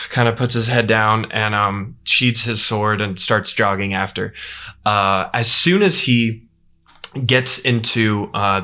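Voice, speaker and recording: A man's voice: lowish voice, bright, forceful tone. A man narrating a tabletop game as game master, in loose rambling speech full of fillers.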